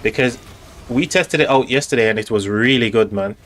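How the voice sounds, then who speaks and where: A man's voice: mid-range voice, fairly quick, a bit bright. A man in the middle of his range rambles casually as he hosts a game live stream. He speaks straight to his chat, filling gaps with ums and repeated words as he spectates the match. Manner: chatty, rambling, talks directly to chat with many fillers.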